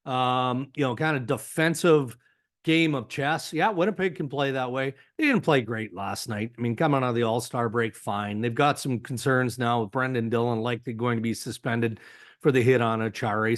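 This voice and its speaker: A man with a Canadian accent, a hockey insider guest on a podcast, speaking in a measured, analytical way with frequent "you know" fillers. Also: medium pitch. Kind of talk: podcast interview.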